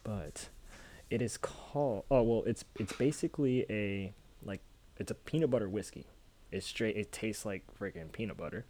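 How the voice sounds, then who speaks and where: A man's voice: fairly low pitch, moderate pace, dark tone. A man co-hosting a casual podcast from home over a video call, rambling and joking with friends. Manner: rambling, self-correcting, joking. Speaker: podcast co-host. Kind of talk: casual chat.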